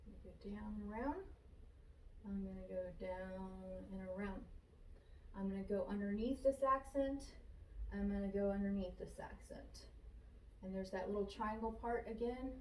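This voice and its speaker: A woman's voice: medium pitch, moderate pace, slight background noise. Woman painting furniture, echoey and distant. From Florida, USA. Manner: relaxed, talks through each brush stroke, repeats phrases. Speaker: furniture painter demonstrating technique. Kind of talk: casual how-to narration while working. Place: shop workspace.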